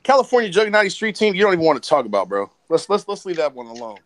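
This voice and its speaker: A man's voice: on the high side, sing-song, racing, a bit bright, a little hiss or hum. A man with a slightly raised voice cracks crude, boastful jokes on a casual podcast. His talk is loose and profane, full of banter. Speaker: podcast co-host. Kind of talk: casual chat.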